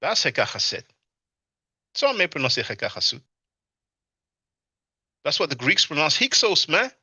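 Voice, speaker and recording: A man's voice: a little high, huge pitch swings, normal speed, sharp tone, slightly rough, dry recording, clean studio sound. A man hosting a casual livestream, laughing often and reading chat comments aloud to answer them. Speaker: livestream host. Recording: dull, lo-fi stream audio.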